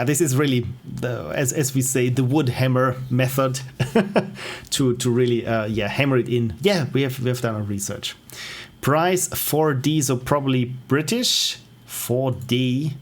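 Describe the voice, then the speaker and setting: Chatting casually on a livestream, a game developer who is a native German speaker talks in a medium-pitched voice with a German accent. He rambles, cuts himself off mid-thought, and chuckles a lot.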